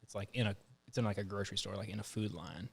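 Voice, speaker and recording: Low-voiced man telling a story with animated flair. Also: fast, gravelly, breathy edge. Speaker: podcast host. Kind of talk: casual chat.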